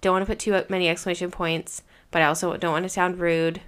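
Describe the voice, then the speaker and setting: A woman's voice: lowish voice, little pitch movement, fast talker, clear, resonant tone. Chatty woman who says "like" a lot. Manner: chatty, laughing, lots of "like". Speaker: podcast co-host; teacher. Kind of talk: casual chat.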